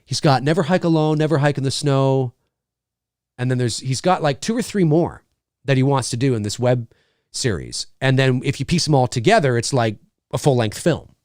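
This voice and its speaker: A man's voice: medium pitch, animated, normal speed, darkish tone, no echo. A man hosting a casual livestream from a home studio, rambling and joking as he reads viewer comments on a studio mic. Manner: rambling, joking, lots of fillers. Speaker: livestream host. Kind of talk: casual live chat reading comments.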